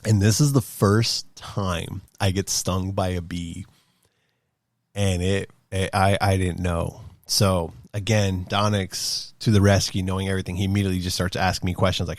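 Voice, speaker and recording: A man in his thirties casually telling a rambling, animated story as a podcast host, acting out quotes in a higher voice. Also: moderate pace, no room sound, studio quality. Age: 30s.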